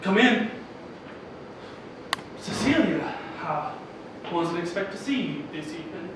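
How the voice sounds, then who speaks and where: An actor playing Darren, a kindly, hesitant frontier man who talks in halting phrases, recorded on a stage from a distance. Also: sits high, animated. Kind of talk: stage drama performance. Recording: roomy stage audio from a distant mic with noise.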